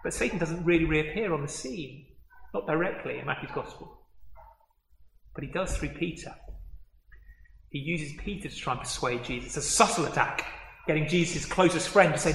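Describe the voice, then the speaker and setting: A man delivers a sermon in an echoey hall, his voice a touch high. He acts out quoted words with growing excitement. Faint room ambience sits behind him. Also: a little fast, slight background noise. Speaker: preacher. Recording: echoey hall with long reverb.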